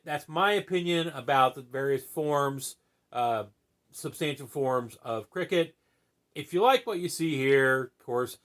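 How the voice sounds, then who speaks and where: A man talks through his opinions in a relaxed, rambling vlog style. He leans on fillers and tag questions as he goes. His voice sits at an average middle pitch. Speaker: channel host.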